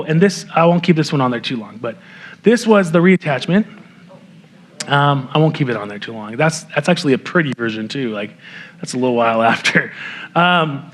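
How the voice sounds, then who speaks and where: A pastor giving an earnest testimony in a sermon, telling a personal story with light laughs and frequent restarts. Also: male voice, mid-range voice, expressive, normal speed, pauses often. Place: church sanctuary.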